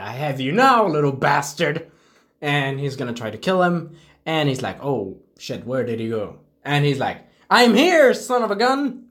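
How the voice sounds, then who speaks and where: A young man casually reviewing a show, excitable and swearing, acting out scenes in quick little voices. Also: fairly high pitch.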